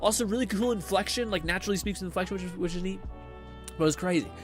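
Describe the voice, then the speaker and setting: Faint music sits under a young man's high, racing voice as he hosts a gaming livestream. He chats loosely and rambles, cursing and laughing a lot.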